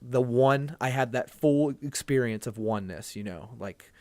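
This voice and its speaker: A man's voice: medium pitch, normal speed, darkish tone, no room sound. A man telling a long personal story as a podcast guest, earnest and rambling, often restarting his sentences. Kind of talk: casual conversation.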